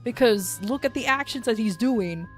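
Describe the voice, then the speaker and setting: A woman's voice: a little high, moderate pace, faint music behind. A woman streamer casually telling a long story, rambling with many fillers and restarts. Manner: rambling, filler-heavy, animated retelling.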